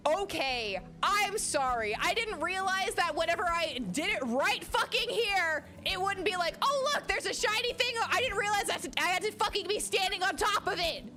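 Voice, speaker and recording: A woman streaming a video game in casual, profane chat, swinging between low mutters and excited shouting over game music. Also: normal speed, hardly any pauses. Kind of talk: casual let's-play chat. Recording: game music playing behind.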